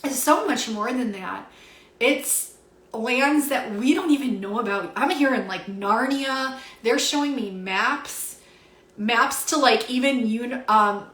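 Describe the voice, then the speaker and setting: A woman's voice: on the high side, takes it slowly, fairly bright tone. A young woman giving a spiritual card reading on a home livestream, emotional and near tears, gushing with awe and many fillers. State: teary, emotional. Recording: roomy echo.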